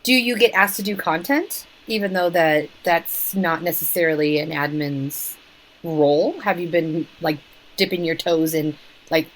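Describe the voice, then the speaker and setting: A woman's voice: low voice, unhurried, slight background noise, poor audio. A woman co-hosting a podcast, bubbly and encouraging, talking casually over a remote call. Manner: bubbly, laughs often, encouraging. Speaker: podcast co-host. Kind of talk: casual interview chat.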